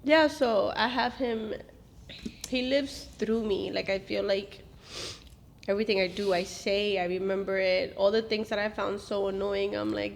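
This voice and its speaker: A woman's voice: mid-range voice, steady tone, unhurried, gravelly, slight background noise. A middle-aged mother talking through family memories, switching into Spanish and acting out what people said. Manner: switches into Spanish, acts out quotes. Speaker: mother and host. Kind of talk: emotional family reminiscing.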